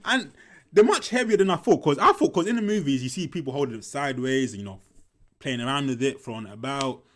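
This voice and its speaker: A man's voice: mid-range voice, animated, quick pace, a little hiss or hum. A young man, telling a school story casually while commenting on a film, swearing often and repeating himself. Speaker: movie reaction commentator.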